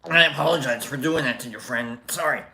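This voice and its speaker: A man's voice: mid-range voice, quick pace, gravelly, sharp tone, low-quality recording. A man hosting a live show, chatting casually and joking with his chat, rambling with frequent laughs. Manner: jokey, rambling, laughs a lot.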